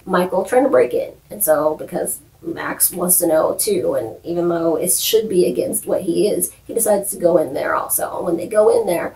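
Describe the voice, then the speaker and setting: A woman hosting a casual, playful recap vlog, chatting with quick asides. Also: fairly low pitch, gravelly, a little mellow. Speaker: vlog host recapping TV shows. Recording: echoey room, mic at a distance.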